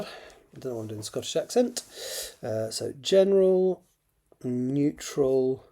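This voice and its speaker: A man's voice: medium pitch, lively intonation, slow pace, warm tone. A man, an author reading his draft aloud and editing it, correcting himself as he thinks aloud.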